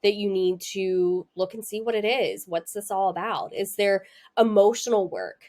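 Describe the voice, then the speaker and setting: A woman's voice: mid-range voice, moderate pace, a little mellow. Chatty woman giving astrology guidance. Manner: chatty and candid, laughs often, frequent fillers. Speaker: astrology host. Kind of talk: casual spiritual talk to camera.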